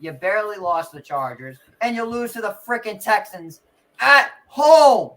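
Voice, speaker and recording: A man's voice: high voice, lively intonation, normal speed, background noise. A man hosting a casual sports podcast, ranting through sarcastic trash talk about a rival team. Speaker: podcast host.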